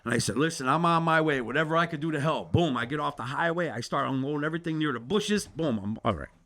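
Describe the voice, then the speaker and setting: A man's voice: fairly high pitch, fast, sharp tone. A middle-aged man telling a story in casual talk, swearing freely and acting out both sides of the conversations. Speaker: podcast guest.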